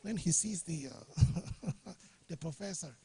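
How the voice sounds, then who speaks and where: A man's voice: a little high, slow pace, dark tone, a little hiss or hum. A middle-aged man from Ghana, telling jovial anecdotes and chuckling as he speaks. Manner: jovial storyteller, chuckling often. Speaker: guest speaker. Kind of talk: anecdotal talk to a workshop audience. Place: studio or workshop room.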